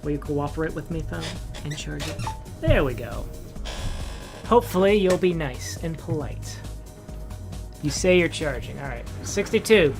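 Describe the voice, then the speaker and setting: A man's voice: a little high, expressive, moderate pace, creaky, long pauses, music in the background. A man streaming a driving game, talking to himself in casual, rambling commentary with exasperated asides.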